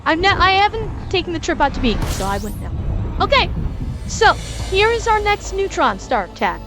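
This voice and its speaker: A woman's voice: extremely high pitch, sing-song, moderate pace, music in the background. A woman streamer giving a casual game tutorial, talking her viewers through each step as she plays. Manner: chatty, explains step by step while addressing chat. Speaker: game streamer teaching a lesson.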